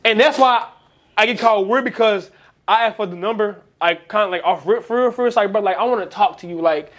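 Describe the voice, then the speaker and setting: A man's voice: high-pitched, fast, a bit bright. A young man chatting casually with friends, rambling and laughing often. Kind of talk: casual chat.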